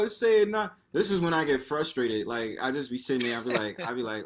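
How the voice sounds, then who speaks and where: A man's voice: medium pitch, fairly quick, few pauses. A man chats casually on an online panel in a medium voice that swings widely up and down. He jokes in slang and acts out his own reactions. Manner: expressive and joking, slangy, quotes himself in reaction voices. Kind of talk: casual chat.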